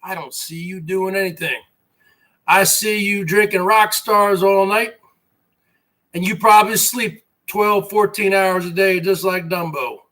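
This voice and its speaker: A man's voice: high-pitched, fairly even intonation, measured pace, a bit bright. A man hosting an online show, delivering a mocking, repetitive rant at rivals and calling them brother. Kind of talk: ranting monologue to viewers.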